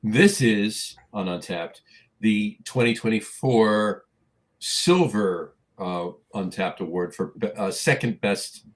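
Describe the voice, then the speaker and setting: Halting low-voiced man on a podcast. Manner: halting, many "uh" fillers, searching for words. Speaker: podcast co-host. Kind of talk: casual chat.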